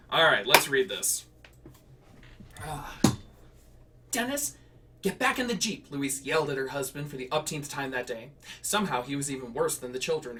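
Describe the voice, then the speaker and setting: A man's voice: mid-range voice, a bit bright, far from the mic, slight background noise. A man streaming himself writing and reading flash fiction in a casual way, laughing and correcting himself with rambling asides.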